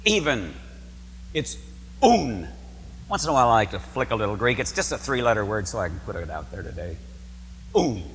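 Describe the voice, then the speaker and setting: Priest giving a sermon in a church, animated delivery, long hall reverb with faint hum. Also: male voice, lowish voice, a little fast. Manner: emphatic, repeats key words, asks the congregation questions.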